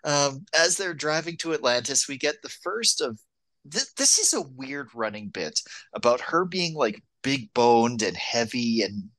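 A podcast co-host talking casually about a movie, rambling and padding sentences with "like" and "um". The pitch moves a lot, rising and falling through each thought. The recording is dry and close. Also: animated, unhurried, a bit bright, no echo. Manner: rambling, full of "like" and "um". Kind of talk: casual movie-review chat.

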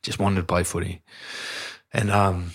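Deep-voiced laid-back Australian man. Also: level tone, unhurried, breathy edge. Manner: laid-back, rambling, many restarts and "mate". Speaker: guest, professional rugby league player. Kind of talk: casual podcast chat.

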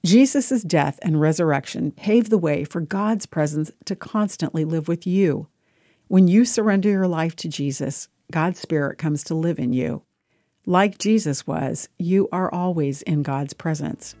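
A woman hosting a short devotional program, reading a scripted reflection in a calm, measured way. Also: sits low, no room sound. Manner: calm, measured reading over soft music. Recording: dry studio voice-over with faint music.

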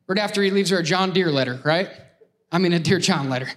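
Male pastor, high-pitched, playful preacher who works the room and keeps calling for responses. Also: fast, a bit bright. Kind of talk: lively sermon with crowd call-outs.

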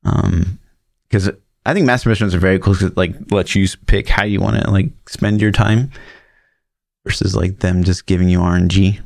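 A man with a deep, low-pitched voice talks casually as a podcast co-host. He rambles with plenty of fillers and blunt, profane remarks. The sound is dry and close, with no room around it. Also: steady tone, normal speed, creaky, darkish tone, no room sound.

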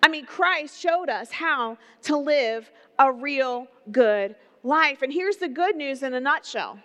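A woman's voice: high voice, animated, takes it slowly, bright, forceful tone. Earnest conversational woman pastor preaching. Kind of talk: sermon.

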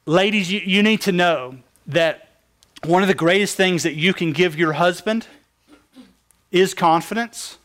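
High-voiced preaching man. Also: unhurried, a bit bright. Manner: preaching with call-and-response questions, emphatic. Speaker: pastor. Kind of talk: sermon.

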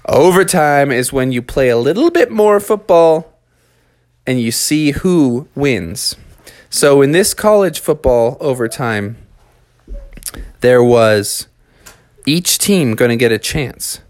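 A man's voice: mid-range voice, animated, slow, a little mellow, no room sound. A man telling a made-up story to children in a loose, chatty way, with slang and fillers.

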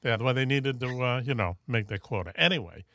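A man's voice: mid-range voice, expressive, fairly bright tone, dry recording. A man hosting a casual radio talk show with a Boston accent, rambling and joking between topics. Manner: jokey, rambling, quick asides.

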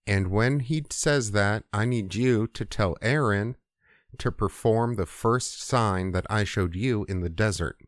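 A man voicing an impatient, bossy male god in a crude comedic retelling, giving flat, profane orders. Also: lowish voice, unhurried, no room sound, clean studio sound, natural voice. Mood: instructing.

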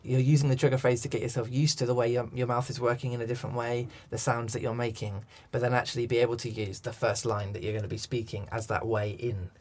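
A man's voice: medium pitch, little pitch movement, fast talker, few pauses. A man, a coach and director, talking through ideas in an interview, thoughtful with many restarts. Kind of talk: interview conversation.

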